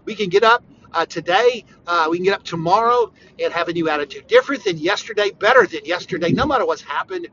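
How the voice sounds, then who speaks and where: A man preaching on a podcast in an informal, conversational way, emphatic and repetitive, with sudden bursts of loud emphasis. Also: high-pitched, sing-song, fast, lo-fi sound, a little hiss or hum. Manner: conversational, talks straight to the listener. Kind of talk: informal devotional podcast talk.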